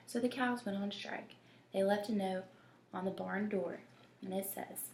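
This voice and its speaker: A woman reading a children's picture book aloud, slow and gentle, often dropping to a whisper. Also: mid-range voice, steady tone. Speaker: storybook reader. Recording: echoey room with faint noise.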